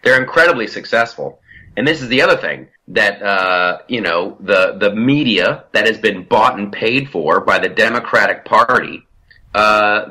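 A man hosting a casual political podcast, animated and profane as he rants. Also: on the low side. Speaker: podcast host.

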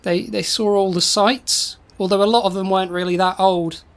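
A woman co-hosting a comedy podcast, telling a rambling tall tale in a deadpan way. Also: mid-range voice, moderate pace. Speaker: co-host.

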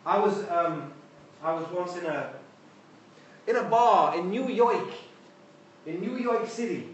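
A man with a high voice takes his time delivering a casual university lecture peppered with wry asides. The sound comes from a far-off room mic in an echoing lecture hall, with a bit of background noise.

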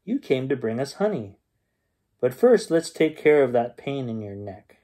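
A man's voice: very animated, normal speed. A man doing a chirpy literal-minded housekeeper. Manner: bright sing-song voice, pitched up. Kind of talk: storybook read-aloud.

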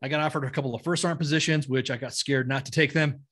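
A man's voice: mid-range voice, steady tone, a bit bright, slightly rough. A middle-aged man for whom English is a second language, telling stories bluntly and profanely in casual conversation. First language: not English. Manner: blunt, profane, quick-talking. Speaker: podcast guest, retired army sergeant major. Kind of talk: casual storytelling.

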